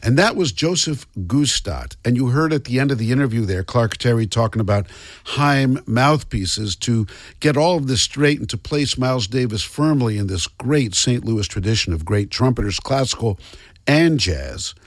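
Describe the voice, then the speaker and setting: A man's voice: mid-range voice, animated, moderate pace, dry recording, studio quality. A man hosting a radio program, introducing and explaining archive clips in a plain way. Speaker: radio host.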